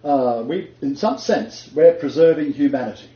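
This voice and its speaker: A man's voice: fairly high pitch, animated, normal speed, dark tone. An older man giving an emphatic, conversational faith talk, chuckling now and then and quoting scripture. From Australia. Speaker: Christian teacher. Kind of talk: conversational sermon-style talk. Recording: echoey room, dull lo-fi sound.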